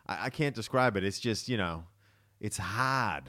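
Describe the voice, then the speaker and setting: On a casual podcast, a young Boston-born man with an American accent tells jokey, animated stories. He speaks at a normal speed in a fairly low-pitched voice.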